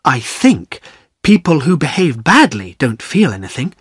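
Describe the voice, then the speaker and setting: A man's voice: a little high, big pitch swings, measured pace, slightly rough, no room sound, studio quality, exaggerated voice. Reserved young woman, cool, firm, clipped, storybook, read by a man.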